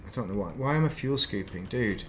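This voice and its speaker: A man's voice: lowish voice, lively intonation, a little fast, slight background noise. Rambling man streaming a game. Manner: rambling, chatty, self-deprecating asides. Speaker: gaming streamer. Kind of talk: casual live-stream chat while playing.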